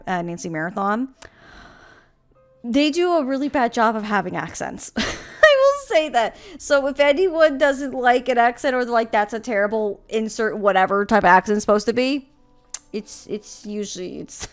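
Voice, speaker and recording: A woman gaming streamer giving casual, giggly, playful commentary while she plays. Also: medium pitch. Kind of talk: casual let's-play commentary. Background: faint game music.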